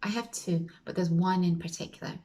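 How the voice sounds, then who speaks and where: A woman's voice: fairly low pitch, fairly even intonation, fairly quick, mellow, low-quality recording. A woman vlogger telling a story in a casual way, acting out the people she quotes and sometimes dropping to a whisper. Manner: chatty, acts out quoted voices, drops to a whisper at times.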